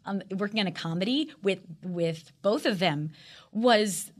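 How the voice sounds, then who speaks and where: A middle-aged actress chatting as an interview guest, bubbly and rambling, with lots of fillers and restarts. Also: female voice, medium pitch, measured pace. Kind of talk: casual interview chat.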